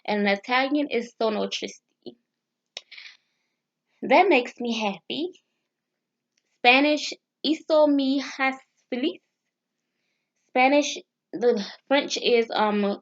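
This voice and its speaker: A woman vlogging casually as she practices foreign phrases, sounding them out haltingly with restarts and nervous, self-deprecating asides. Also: fairly high pitch. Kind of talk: casual language practice vlog. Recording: dull lo-fi sound.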